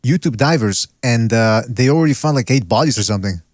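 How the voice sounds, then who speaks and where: Guy hosting a podcast, talks fast, jokes around, cusses, keeps saying man. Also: medium pitch, animated, darkish tone, no echo, studio quality. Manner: joking, swears often, says "man" a lot. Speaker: podcast host. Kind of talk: casual chat.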